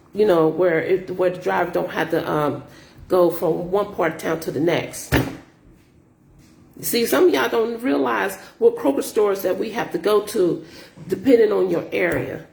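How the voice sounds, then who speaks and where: A middle-aged woman tells stories from her grocery delivery work in an animated, exasperated way. She often repeats phrases for emphasis. Her voice has a gravelly fry at mid pitch. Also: measured pace, echoey room, slight background noise. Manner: animated, repetitive, exasperated retelling. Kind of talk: casual storytelling vlog.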